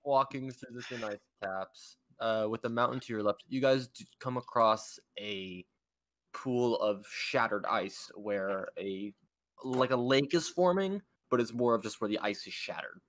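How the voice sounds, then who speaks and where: A young man narrating as dungeon master in a casual tabletop game, pausing often with fillers. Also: medium pitch, fairly bright tone, no room sound.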